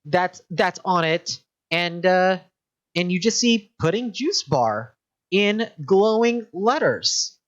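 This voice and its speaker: Woman game master, slow and animated, halting narration, dull lo-fi sound. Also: lowish voice. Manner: halting, full of ums and restarts. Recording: dull lo-fi audio.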